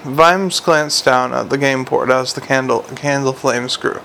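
A man narrating an audiobook in a steady, understated way. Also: mid-range voice, measured pace, vocal fry, slight background noise, poor audio.

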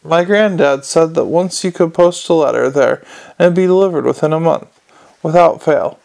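A world-weary middle-aged watch captain with a dry, grumbling wit, as a man reads him. The voice is a touch high and gravelly. It is an audiobook figure. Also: moderate pace, a little mellow.

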